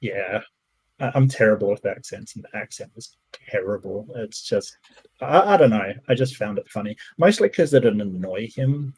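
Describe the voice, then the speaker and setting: A man's voice: on the low side, lively intonation, normal speed, darkish tone, a little hiss or hum, poor audio. A man hosting a casual podcast chat, musing aloud in a meandering way with many restarts. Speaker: podcast host. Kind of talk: casual conversation.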